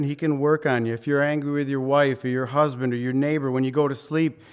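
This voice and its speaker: In a medium-pitched voice, a male pastor gives a sermon in a conversational style, alternating loud emphatic moments with hushed asides.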